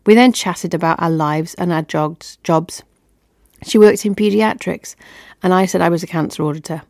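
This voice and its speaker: A woman's voice: fairly low pitch, normal speed, darkish tone, no room sound, clean studio sound. A woman telling a personal story on her podcast in an upbeat, chatty way.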